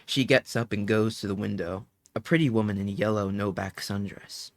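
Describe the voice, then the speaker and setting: A man reading an audiobook aloud in an emotive, dramatic way, slowing down on the key phrases. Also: on the low side, steady tone, dry recording, studio quality. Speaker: audiobook narrator.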